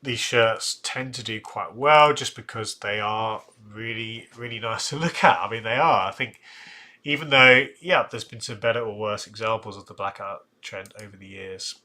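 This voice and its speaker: A man's voice: fairly low pitch, moderate pace, pushed and bright. A man hosting a casual live stream, thinking aloud with restarts and asides. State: tired, yawning. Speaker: live-stream host ranking football shirts.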